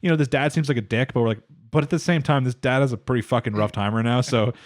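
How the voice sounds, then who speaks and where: A man's voice: medium pitch, fast, no room sound, studio quality. A man co-hosting a casual anime podcast, rambling through a plot recap with lots of fillers and acting out the characters' lines. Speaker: podcast co-host.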